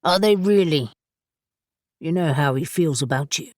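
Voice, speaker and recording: A woman's voice: low voice, a little slow, dry recording, studio quality. A woman narrator voicing a blunt young man who teases and goads his friend with certainty. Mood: determined, teasing. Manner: blunt, goading.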